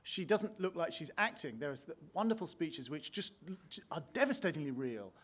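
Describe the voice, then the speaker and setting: A man's voice: a little high, very animated, a little fast, fairly bright tone, breathy edge. A man, a film critic, interviewing with playful enthusiasm. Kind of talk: conversational interview.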